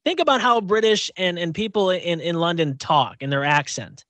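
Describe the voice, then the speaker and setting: A man's voice: sits high, moderate pace, a bit bright, no echo. A man co-hosting a podcast in casual chat, often laughing and stumbling over his words. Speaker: radio podcast co-host.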